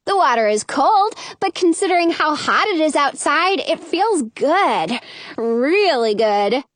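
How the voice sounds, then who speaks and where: A woman narrating a first-person children's story in an expressive, lively reading voice. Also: high-pitched, unhurried, no room sound. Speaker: audiobook narrator.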